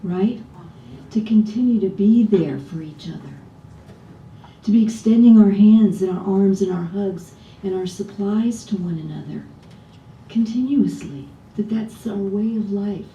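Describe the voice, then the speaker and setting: A woman minister gives a relaxed, conversational sermon and often turns to the congregation with rhetorical questions. Her voice is mellow and warm. It is picked up from some distance in an echoey church, with a faint low rumble underneath. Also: measured pace, muffled recording. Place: church sanctuary.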